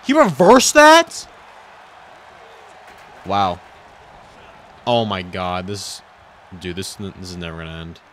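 A young man giving frustrated, sarcastic commentary over his own video game play, swearing and swinging from mutters to yells. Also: low voice, fairly even intonation, measured pace, long pauses, a little hiss or hum. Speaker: gaming YouTuber.

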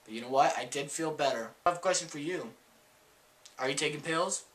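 A man telling a funny personal story in a casual, animated, self-mocking way. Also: fairly high pitch, a little fast, recorded from a distance.

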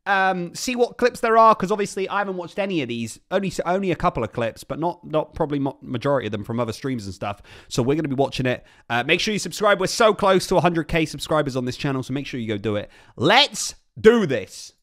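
An excitable young man talks to his stream viewers, bouncing between thoughts and repeating his reactions. His voice sits a little high and swings widely up and down as he gets worked up. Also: fast, hardly any pauses. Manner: excitable, animated, repeats himself.

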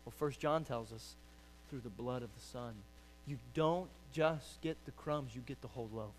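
A man preaching a sermon as pastor, urging loudly and then dropping to quiet pleading. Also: mid-range voice, moderate pace, slight background noise. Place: church sanctuary.

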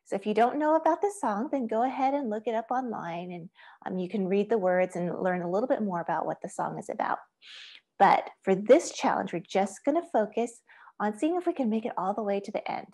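Music teacher, female, mid pitch, patient and friendly, counts and chants rhythms. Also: darkish tone. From Asia. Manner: friendly, patient step-by-step instructions. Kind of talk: online music lesson.

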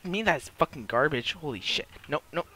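A man's voice: a little high, animated, moderate pace, pushed and bright, a little hiss or hum. A man giving live gameplay commentary, swearing constantly and blurting frustrated outbursts at enemies while admitting he is new to the game. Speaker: gamer playing a multiplayer beta.

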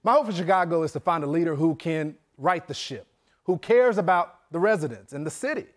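Lively opinionated male news host. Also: a little high, fairly quick. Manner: opinionated, emphatic delivery. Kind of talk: scripted news monologue.

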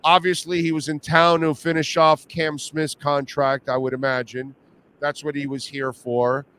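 A sports radio host from Miami with a Miami accent, pitched a bit high for a man. He talks loosely and animatedly, with slang and restarts. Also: little pitch movement, moderate pace, fairly bright tone, slight background noise. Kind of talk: casual sports talk.

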